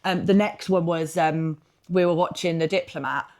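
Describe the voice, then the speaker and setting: A woman with a fairly low voice, co-hosting a podcast in relaxed, rambling chat. She drifts through stories with plenty of fillers and drops the occasional swear word in passing. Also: normal speed. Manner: chatty, rambling, swears casually, many fillers. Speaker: podcast co-host. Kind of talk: casual chat.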